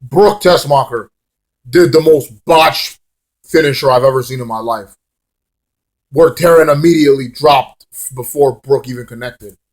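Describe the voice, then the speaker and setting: A man's voice: medium pitch, moderate pace, long pauses. A man giving a casual, rambling, sarcastic vlog review of a wrestling show, swearing freely.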